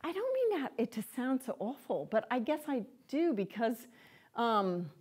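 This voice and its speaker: In a room with a live audience, a woman lectures on empaths in an informal spiritual workshop, chatty and rambling with many fillers and self-interruptions. Her voice is fairly high and slightly rough, at a normal speed. She laughs often and turns lively when acting out quotes.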